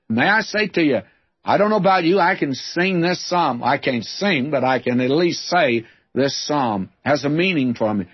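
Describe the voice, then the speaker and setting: A man's voice: fairly high pitch, moderate pace, breathy edge, no room sound. An older man teaching through the Psalms in a radio Bible lesson, reading verses with rising emphasis, on a dull old recording. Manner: lively, reads scripture with rising emphasis.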